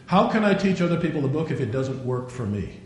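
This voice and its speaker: A man's voice: sing-song, quick pace, a little mellow. Older male preacher, very echoey room. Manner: digressive storyteller, acts out quotes. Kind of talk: sermon. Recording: very echoey room, faint rumble.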